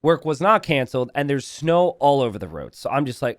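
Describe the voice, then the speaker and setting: A man's voice: mid-range voice, animated, normal speed, no echo. A man from the United States hosting game commentary, breaking off into a rambling, casual story told with lots of animation. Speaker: game caster and host.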